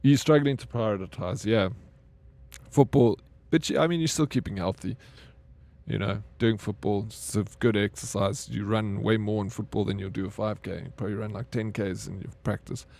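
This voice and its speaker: A man's voice: lowish voice, steady tone, moderate pace, vocal fry, a little mellow. A young man streaming a game, chatting casually and talking straight to his viewers by name. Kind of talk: casual live-stream chat.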